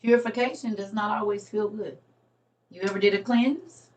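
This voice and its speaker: A woman's voice: medium pitch, fairly even intonation, normal speed, a little mellow, distant mic. Laughing, teasing woman with a slangy drawl. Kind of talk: casual commentary on a reading.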